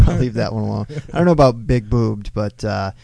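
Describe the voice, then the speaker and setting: Laid-back guy, dark voice. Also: fairly low pitch, brisk, vocal fry, dry recording. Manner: laid-back storytelling, swears often. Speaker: podcast co-host. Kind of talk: casual podcast banter. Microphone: close studio mic.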